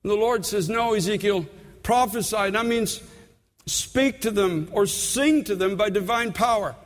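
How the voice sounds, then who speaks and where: A man with a high voice preaches a sermon in an earnest tone. He often repeats a word as he goes and slows down to stress a point. His voice rings through a large hall with a long echo.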